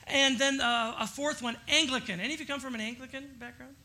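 Bright-voiced pastor chatting from the pulpit. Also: high voice, steady tone, fast. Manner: chatty, polls the congregation with questions. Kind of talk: conversational sermon. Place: church sanctuary before a congregation.

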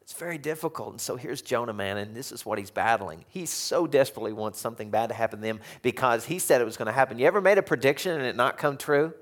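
A man preaching a conversational sermon in a church, animated and chuckling often. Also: mid-range voice, fast, few pauses. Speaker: pastor. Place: church sanctuary.

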